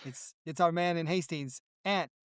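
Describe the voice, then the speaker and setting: A man hosting a podcast and acting as referee, bubbly and quick to giggle. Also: a little high, a bit bright, smooth, dry recording, clean studio sound. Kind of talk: casual podcast chat.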